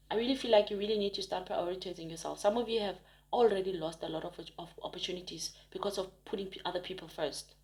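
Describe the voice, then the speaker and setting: A woman's voice: medium pitch, a little mellow. Chatty woman giving a tarot reading. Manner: chatty and emphatic, rambling with frequent restarts. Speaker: tarot reader. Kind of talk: casual spoken tarot reading to viewers.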